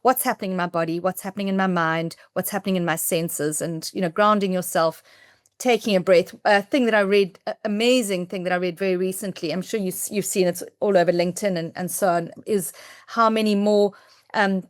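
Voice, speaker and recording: Woman podcast host, mid-pitch, dry close sound. Enthusiastic, reflective interviewer. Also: steady tone, fairly quick, clear, resonant tone, no echo. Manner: enthusiastic, reflective, talks through her own thoughts.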